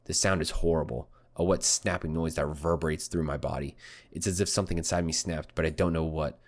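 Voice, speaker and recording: A young man hosting a let's-play, reading a visual novel aloud and chatting excitably with lots of swearing and laughter. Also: extremely low pitch, fairly quick. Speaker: gaming channel host.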